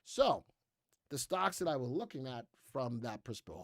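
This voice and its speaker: A man's voice: medium pitch, expressive, normal speed, no room sound, studio quality. An American man hosting a live stock market show in casual, chatty commentary, reading headlines aloud and skimming past parts. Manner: chatty, reads headlines aloud and skims with "blah, blah".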